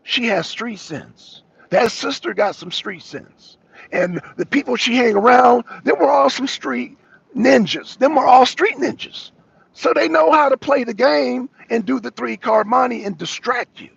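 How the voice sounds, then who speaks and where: High, gravelly man telling a street-wise story. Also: unhurried, no echo. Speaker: show co-host. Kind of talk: casual live-show chat. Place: walking outdoors, arriving somewhere. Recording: dull lo-fi audio.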